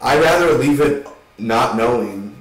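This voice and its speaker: A man giving a rambling, casual spoken film review, swearing now and then and acting out scenes in quick voices. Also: mid-range voice, animated, reverberant, far from the mic, low-quality recording.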